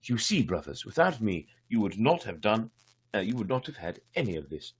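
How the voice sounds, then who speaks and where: A bold young peasant hero from a storybook, proud and blunt as he gives orders, as a man reads his lines. The voice is low and a little husky. It moves lively through its pitch range. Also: a little fast. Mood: boastful. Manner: proud, commanding.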